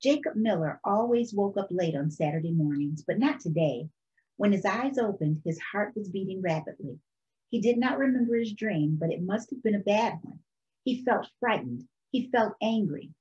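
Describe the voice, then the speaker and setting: A woman reading a children's picture book aloud for storytime in a calm, expressive way. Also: mid-range voice, normal speed, muffled recording. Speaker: storytime reader.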